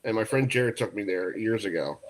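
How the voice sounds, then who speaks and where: A man from New York hosting a sports talk radio show, telling stories in a lively, laughing way. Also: lowish voice, brisk. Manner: storytelling, animated, laughs often. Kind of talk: casual radio chat.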